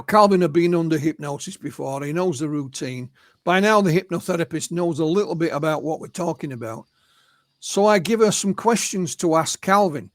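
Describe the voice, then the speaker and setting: An English man, a guest researcher and author, telling stories in a relaxed interview and often quoting the witnesses he spoke to. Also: on the high side, dry recording. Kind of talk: conversational storytelling interview.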